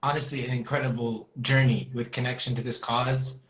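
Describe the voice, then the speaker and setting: A man's voice: medium pitch, flat delivery, brisk, a bit bright. Earnest man guest in a roomy space. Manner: earnest, stammering restarts. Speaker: guest musician. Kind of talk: casual interview.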